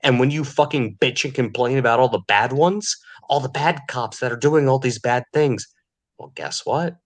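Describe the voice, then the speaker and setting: A man's voice: mid-range voice, normal speed. A man delivering an angry, profane podcast rant, sneering and furious. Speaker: podcast host.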